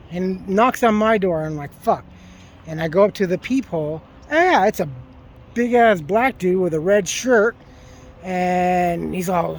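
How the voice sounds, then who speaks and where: Man, high voice, casual vlog rant, swears a lot, outdoors, phone mic, faint background noise. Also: moderate pace. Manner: profane, animated storytelling rant. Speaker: vlogger. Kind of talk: casual walking vlog, ranting. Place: outdoors at a park.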